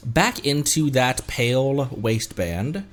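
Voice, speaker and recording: A man's voice: mid-range voice, big pitch swings, slow. A man from Colorado streaming a game at home, stuffy from a cold, who rambles, laughs a lot and pokes fun at himself in casual chat. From Colorado, United States. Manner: rambling, self-mocking, laughs often. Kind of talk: casual live-stream chat over gameplay.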